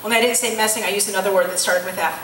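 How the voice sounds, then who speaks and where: A woman's voice: mid-range voice, steady tone, racing, fairly bright tone, slight background noise. A woman in her late twenties gives a candid personal testimony in church as a missionary. She tells her story plainly, acts out the dialogue and uses frequent ums. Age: late 20s. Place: large church hall. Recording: echoey hall, heard from far off.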